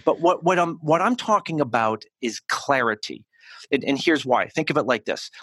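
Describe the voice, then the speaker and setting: An American man in a podcast interview, coaching on speech, talking in an animated and emphatic way with frequent restarts. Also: medium pitch, normal speed, no echo. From United States. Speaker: communication coach, guest.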